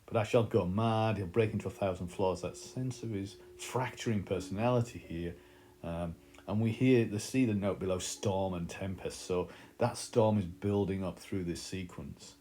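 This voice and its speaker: A man's voice: sits low, moderate pace, dark tone, slight background noise. A man teaching a literature lesson, explaining in a thoughtful way with frequent fillers.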